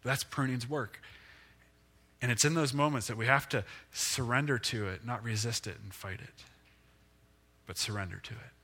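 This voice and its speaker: A male pastor giving a conversational, self-deprecating sermon with lively rises and falls in pitch. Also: moderate pace, pauses often, slightly rough.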